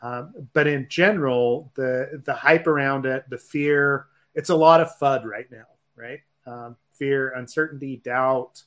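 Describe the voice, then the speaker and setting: A man co-hosting a tech podcast, explaining in a measured way and often checking in with "right?". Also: medium pitch, steady tone, a bit bright. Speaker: podcast co-host. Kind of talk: casual tech podcast chat.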